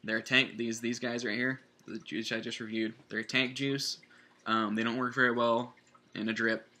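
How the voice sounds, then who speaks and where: Gravelly rambling man reviewing vape juice. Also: medium pitch, little pitch movement, normal speed, bright, forceful tone. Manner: rambling, self-correcting, chatty. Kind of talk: casual product review vlog.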